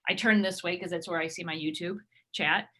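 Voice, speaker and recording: A woman improv performer in casual chat, talking in quick, self-interrupting bursts. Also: lowish voice, fairly even intonation, sharp tone, breathy edge. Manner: chatty, laughing, self-interrupting.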